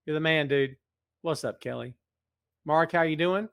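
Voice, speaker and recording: A man's voice: a little high, moderate pace, gravelly, long pauses, fairly bright tone, dry recording. A middle-aged man hosting a live stream, greeting viewers by name and teasing them, then speaking earnestly. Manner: serious, earnest appeal. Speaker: podcast host. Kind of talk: casual live-stream chat. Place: large empty building. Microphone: in front of a camera.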